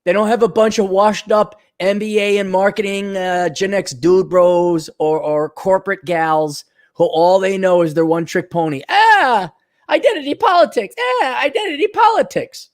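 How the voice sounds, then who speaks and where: A blunt, sarcastic man from the Milwaukee area rants straight to camera in a casual vlog. His voice sits a little high for a man. He jumps between jokes, complaints and asides. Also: flat delivery, moderate pace, a little mellow. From Milwaukee area, USA. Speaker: vlogger. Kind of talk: casual ranting monologue.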